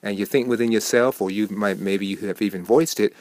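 A man hosting a short devotional program, preaching with lively swings between soft and emphatic delivery. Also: lowish voice, brisk, no room sound, studio quality. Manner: animated, swings from soft to emphatic, acts out quoted people.

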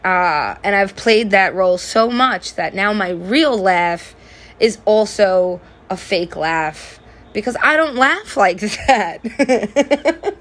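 A young adult woman hosting a podcast, telling candid, profane stories in a casual monologue and often breaking into loud laughter. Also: mid-range voice, animated, slow pace. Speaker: podcast host.

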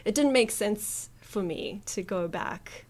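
A woman's voice: mid-range voice, takes it slowly. Laughing, easygoing woman from New Zealand. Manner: relaxed, laughs often, trails off softly. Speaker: musician guest. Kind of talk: casual interview chat.

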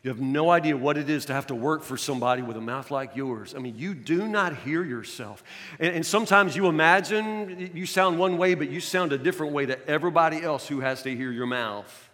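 A man's voice: a little high, fairly quick, a bit bright, big-room sound. An older man preaching a sermon as pastor, folksy and emphatic, full of rhetorical questions.

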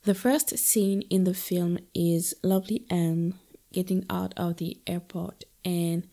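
A woman's voice: lowish voice, fairly even intonation, takes it slowly, vocal fry, dark tone. A young adult woman from Guadeloupe, talking reflectively and casually about a film with playful asides. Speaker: film discussion host.

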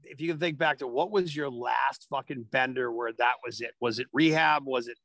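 A man's voice: medium pitch, moderate pace, a bit bright, dry recording. A man hosting a casual interview, blunt and swearing casually.

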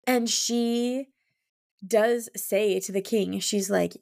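A woman's voice: mid-range voice, steady tone, takes it slowly, creaky, a little mellow. Chatty woman co-host on a book podcast. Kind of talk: casual book-club chat.

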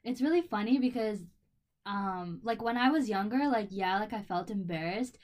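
A woman's voice: medium pitch, expressive, normal speed, a little mellow. A young woman chatting casually, rambling through a memory with many "like"s. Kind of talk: casual chat.

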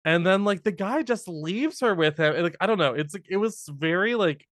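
A man co-hosting a podcast in casual chat, animated and laughing often. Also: high-pitched, fairly quick, no echo, clean studio sound. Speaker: podcast co-host.

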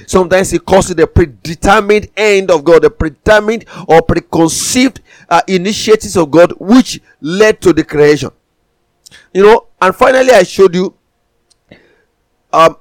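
A man's voice: on the high side, dry recording. A man preaching a sermon, emphatic, with repeated declarations.

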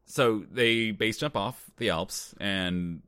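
Young male podcast co-host, low voice, dry close mic, wry casual delivery. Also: slow pace, bright, forceful tone, smooth, no echo. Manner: wry, laughs while recapping scenes. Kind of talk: casual movie-review chat.

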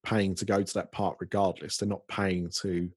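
Husky low-voiced British man chatting. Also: level tone, normal speed, no room sound. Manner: chatty, rambling with many ums and restarts. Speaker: podcast host. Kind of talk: casual podcast chat.

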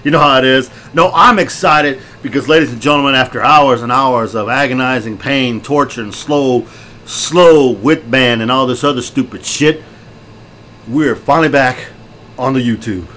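A middle-aged man co-hosting a podcast, loud, jokey and excitable, laughing often. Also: medium pitch, normal speed. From Texas. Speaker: podcast co-host. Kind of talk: casual chat. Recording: faint background noise.

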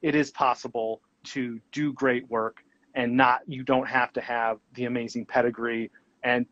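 A man speaking as a guest in a casual interview, thoughtful and halting, with plenty of ums and restarts. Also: medium pitch, little pitch movement, fairly bright tone, dry recording, dull audio. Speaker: guest colorist.

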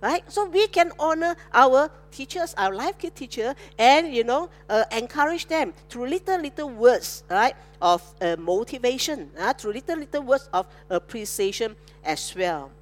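A woman preacher delivers a sermon in a fairly high, very lively voice that swings up and down. She keeps checking in with the congregation through call-and-response. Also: moderate pace, hardly any pauses. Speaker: pastor.

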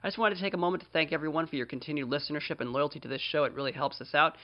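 A podcast host in a small studio chats casually, cracking jokes at his own expense in quick promo patter. His voice is a little high with fairly even intonation, and the recording sounds muffled.

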